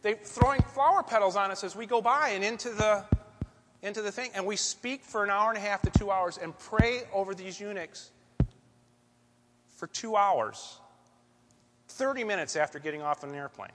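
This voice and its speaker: A man telling a story from the pulpit in an animated, conversational way, as a church speaker giving a sermon. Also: high voice, moderate pace, noisy background. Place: church sanctuary. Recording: long echoey church hall reverb.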